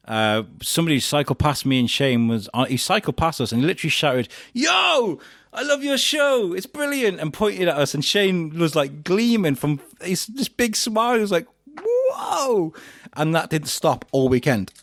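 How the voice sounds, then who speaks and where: A man chats on his own podcast as the guest of honour. He rambles warmly through anecdotes, stumbling on fillers and slipping into the voices of the people he quotes. The sound is close and dry, with no room around it. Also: medium pitch, brisk, no room sound. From England. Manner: chatty storyteller, acts out quotes, many fillers and restarts. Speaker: podcast host being interviewed. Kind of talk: casual podcast chat.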